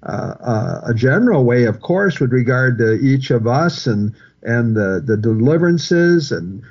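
A man's voice: mid-range voice, expressive, a little slow. A man preaching an expository sermon verse by verse, earnest and repetitive, often restarting phrases for emphasis. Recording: muffled lo-fi recording.

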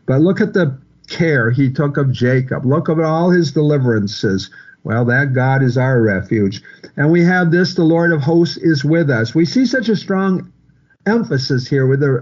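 A man's voice: mid-range voice, a little mellow. A man preaching an expository sermon verse by verse, earnest and repetitive, often restarting phrases for emphasis. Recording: muffled lo-fi recording.

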